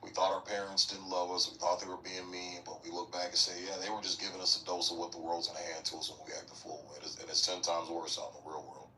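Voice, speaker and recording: A man's voice: deep voice, little pitch movement, fast talker, few pauses, sharp tone, far from the mic, a little hiss or hum, low-quality recording. A man, a military veteran, telling rambling, profane stories in a casual podcast chat.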